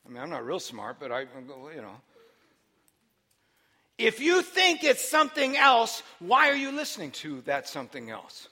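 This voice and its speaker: A man preaching a sermon, moving between quiet teaching and loud, shouted preaching. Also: fairly high pitch, huge pitch swings, a little slow.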